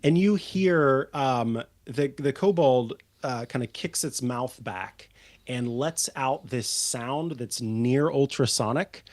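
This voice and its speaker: A man narrating as game master of a tabletop game, unhurried and full of ums and uhs. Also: medium pitch, darkish tone, dry recording.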